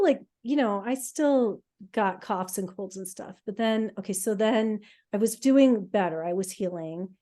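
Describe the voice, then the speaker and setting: A middle-aged woman, a podcast co-host, telling her own healing story in an emotional, halting way with many fillers. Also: medium pitch, dark tone. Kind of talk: casual personal storytelling.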